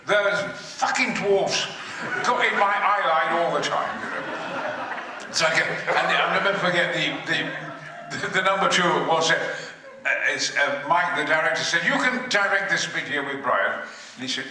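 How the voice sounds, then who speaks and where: Older man, convention panel guest, theatrical sweary storyteller, very forceful voice, big echoey hall. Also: high-pitched, lively intonation, a little slow, a little hiss or hum. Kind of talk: bawdy anecdote-telling on stage. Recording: echoey hall recorded from far off.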